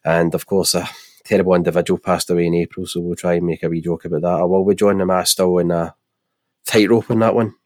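A man's voice: deep voice, level tone, fast talker, darkish tone, no echo. A man with a Scottish accent and a nasal voice, co-hosting a football podcast in jokey, rambling casual chat. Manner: jokey, rambling, laughs often. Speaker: podcast co-host.

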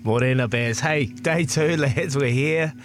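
A man's voice: mid-range voice, measured pace. A man with a New Zealand accent co-hosting breakfast radio in a laid-back way, often saying mate. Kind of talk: casual radio banter. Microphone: studio mic, dry.

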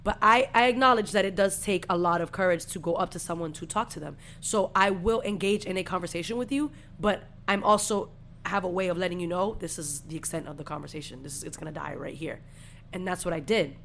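A woman's voice: fairly low pitch, brisk, fairly bright tone, a little hiss or hum. A young woman in her twenties, co-hosting a podcast, telling a story in casual, profane slang. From Puerto Rican family. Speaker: podcast co-host.

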